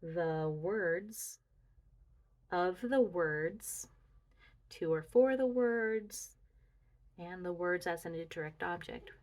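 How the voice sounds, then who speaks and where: A woman slowly talking through a grammar review lesson, musing aloud as she walks through her slides. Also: lowish voice, darkish tone. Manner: deliberate, talks through slides, muses aloud. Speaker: student reviewing Greek grammar.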